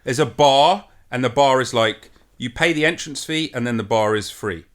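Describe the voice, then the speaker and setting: A man hosting a podcast, telling a rambling anecdote in a relaxed, chatty way. He slips into other people's voices to act out their lines and swears freely as he goes. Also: medium pitch, normal speed. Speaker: podcast host. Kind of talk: casual storytelling chat.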